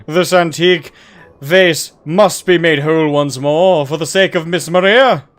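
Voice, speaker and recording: A man doing Hildebrand, a pompous gentleman. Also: a little high, unhurried, soft background music, voice pushed up, natural voice. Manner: grandiose, archaic phrasing, mock-heroic. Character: pompous theatrical male gentleman adventurer.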